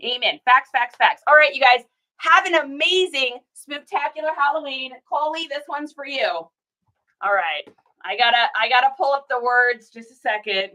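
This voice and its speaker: An online reseller hosts a casual livestream, her high, bright voice pushed and lively in intonation. She's unhurried and pauses often, sounding out of breath while she sings along and jokes playfully with viewers.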